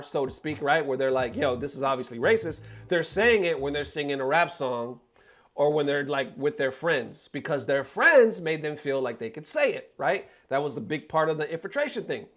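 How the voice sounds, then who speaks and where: A man hosting a commentary show, talking casually and animatedly straight to his viewers in slangy speech. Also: on the high side.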